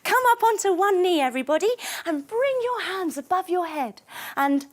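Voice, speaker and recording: A woman's voice: extremely high pitch, lively intonation, moderate pace. Playful, lilting woman leading kids' yoga. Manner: gentle, playful, coaxing instructions. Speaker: kids yoga teacher. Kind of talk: storytelling yoga lesson for children.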